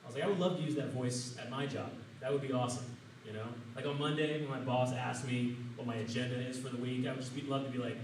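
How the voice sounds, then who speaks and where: A man's voice: mid-range voice, steady tone, fast talker, few pauses, a little mellow. A young man performing a casual, bro-ish stand-up comedy set at an open mic. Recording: echoey room from far off.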